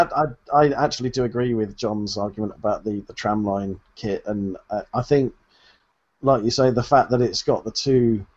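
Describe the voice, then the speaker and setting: A man's voice: mid-range voice, darkish tone. A man co-hosting a podcast, rambling in a jokey way and laughing between his points. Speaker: podcast co-host. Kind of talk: casual chat. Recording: dull lo-fi sound.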